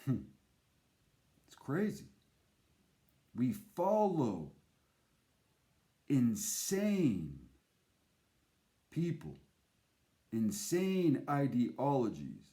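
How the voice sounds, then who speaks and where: Man, impassioned monologue, slow and emphatic, lively swooping pitch. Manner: intense, emphatic, repetitive. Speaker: speaker.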